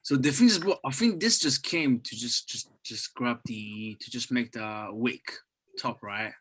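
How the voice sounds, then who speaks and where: A man in casual chat about trading, excitable and swearing, calling his friend bro. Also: mid-range voice, unhurried, slight background noise, low-quality recording. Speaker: trader.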